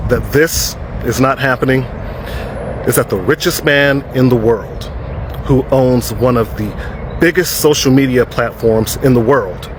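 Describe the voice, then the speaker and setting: A man's voice: medium pitch, background noise. A man giving sarcastic, mocking commentary to camera. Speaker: social media creator.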